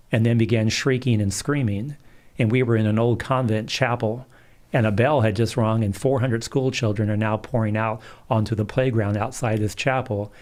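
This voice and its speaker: A middle-aged man, a Catholic priest, calmly telling stories in an interview. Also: fairly low pitch. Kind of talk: storytelling in a livestream interview.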